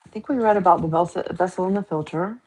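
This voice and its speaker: Husky low-voiced woman chatting on a stream. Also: fast, a little mellow, low-quality recording. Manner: chatty, joking and teasing, often laughing. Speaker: livestream host. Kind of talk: casual livestream chat. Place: at home, painting her nails.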